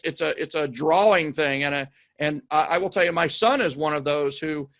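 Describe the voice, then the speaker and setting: A man's voice: on the high side, a bit bright. A man hosting a podcast, asking questions with enthusiasm, often repeating words and urging his listeners on. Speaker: podcast host. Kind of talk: conversational interview.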